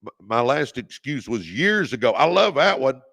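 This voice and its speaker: A man's voice: mid-range voice, big pitch swings, moderate pace, creaky, fairly bright tone. A man hosting a motivational livestream, exhorting viewers and reading out their comments. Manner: preachy, exhorting, leads call-and-response. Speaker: host. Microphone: phone or webcam on a livestream.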